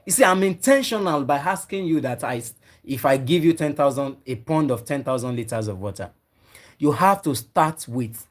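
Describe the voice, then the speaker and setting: A man's voice: fairly high pitch, expressive, normal speed. A man teaching a live online class on fish farming, repeating his key points again and again and talking to viewers typing in the chat. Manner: emphatic, repeats key points many times.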